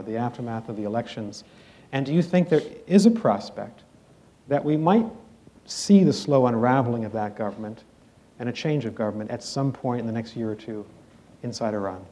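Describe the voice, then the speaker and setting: Guy running a panel, laying out the rules, warm low-key voice. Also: slight background noise. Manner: brisk, directive. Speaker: panel moderator. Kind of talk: moderating a public panel. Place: auditorium with audience.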